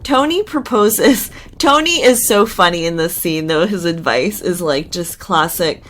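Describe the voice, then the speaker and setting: A woman's voice: fairly low pitch, lively intonation, unhurried, fairly bright tone. Chatty woman recapping reality TV gossip. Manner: chatty, gossipy, with sarcastic asides. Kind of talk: casual recap commentary.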